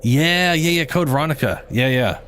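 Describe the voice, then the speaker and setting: A man's voice: a little high, animated, moderate pace, a bit bright, a little hiss or hum. A man streaming a game in casual chat, sleep-deprived and rambling, cursing now and then.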